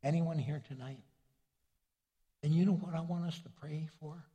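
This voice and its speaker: Husky older pastor preaching in a hall. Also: male voice, a little high, fairly even intonation, normal speed, warm tone. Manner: folksy, conversational preaching with homely stories. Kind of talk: sermon. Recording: long reverb of a large hall.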